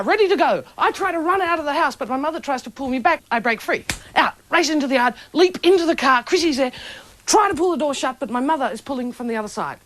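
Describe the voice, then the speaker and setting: A young adult woman telling a stand-up story in a dry, deadpan way to a laughing live audience. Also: high voice. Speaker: comedian. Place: stage before a live audience. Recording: lo-fi old television recording with loud hiss.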